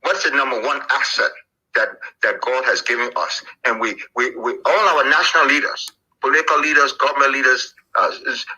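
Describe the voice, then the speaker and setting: An older man with a Liberian accent, telling animated, jokey stories as an interview guest, with plenty of fillers. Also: medium pitch, brisk, husky, rough recording. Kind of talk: storytelling interview.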